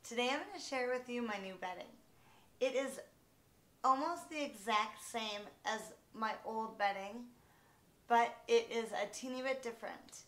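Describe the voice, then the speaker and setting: A woman films a casual home vlog from her bedroom, talking slowly and without hurry. She often pauses on "um" and restarts her sentences. Her voice rings in the room's noticeable echo. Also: on the high side, a bit bright. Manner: unhurried, with frequent ums and restarts. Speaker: vlogger.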